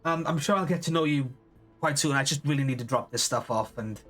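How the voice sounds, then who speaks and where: A dry, teasing young woman, voiced by a man running a tabletop game. She speaks in a fairly high, easy tone and sounds matter-of-fact. Faint music runs behind her. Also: brisk, fairly bright tone. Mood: wry.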